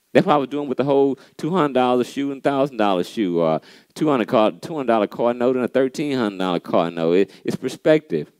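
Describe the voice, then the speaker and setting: Leading a church pep talk, this man preaches with animation and playful sarcasm, dropping "man" often and repeating key lines for emphasis. His voice sits on the low side, with no echo.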